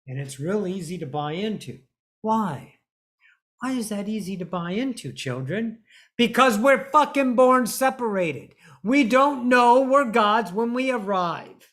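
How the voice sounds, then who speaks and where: A woman's voice: medium pitch, expressive, a bit bright. A woman giving a spiritual monologue, blunt and preachy, swearing freely and stretching out words for emphasis. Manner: emphatic, drawn-out stresses. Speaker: spiritual teacher.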